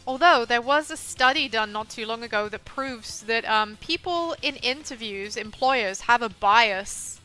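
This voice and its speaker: Brief: bright, chatty woman streamer with a softened Southwest English accent, game music low underneath. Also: animated, moderate pace, hardly any pauses. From England. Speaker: VTuber streamer. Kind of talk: casual gaming commentary.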